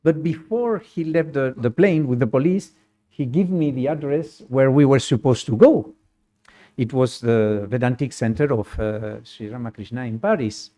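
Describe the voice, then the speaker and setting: Halting man with a dark voice. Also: medium pitch. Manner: halting, non-native English with grammar slips; lively storyteller who laughs often. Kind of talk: personal anecdote in conversation.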